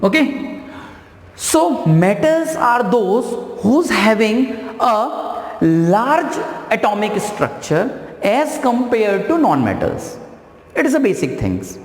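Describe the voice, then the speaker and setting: A man teaching a science lesson, explaining slowly and repeating key phrases. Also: high voice, big pitch swings. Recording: echoey room with long reverb.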